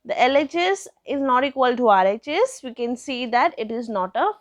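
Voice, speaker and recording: A woman's voice: sits high, lively intonation, normal speed, no room sound. A young woman teaching a maths lesson step by step, asking questions and answering them herself. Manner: patient, asks questions then answers them.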